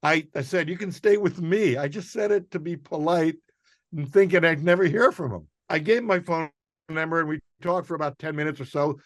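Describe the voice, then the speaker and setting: A man's voice: fairly high pitch, fairly quick, no room sound, clean studio sound. A man from New York, a guest comedian, telling a story in casual chat and acting out the quotes. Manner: animated storyteller, acts out quotes, laughs mid-story.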